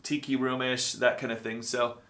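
A man casually vlogging at home, sleepy and rambling in a low-key, self-deprecating way. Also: level tone, moderate pace, pushed and bright. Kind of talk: casual vlog chat. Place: at home, indoors. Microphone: camera or phone on a stand.

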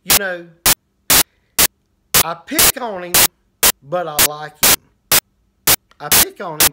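Brief: male evangelist, slow and earnest, lively pitch, loud static hiss throughout. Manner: earnest, drawn-out preaching with repetitions. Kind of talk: preaching to camera.

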